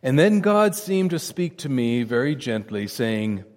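A man preaching a sermon in an earnest, testifying manner, his voice dropping low and quiet at reverent moments. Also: expressive, moderate pace, in a large hall.

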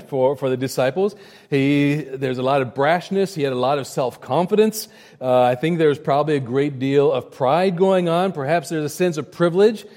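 A man's voice: a little high, darkish tone, in a large hall. A man preaching a sermon in a conversational way, acting out quotes and often restarting his words. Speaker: pastor.

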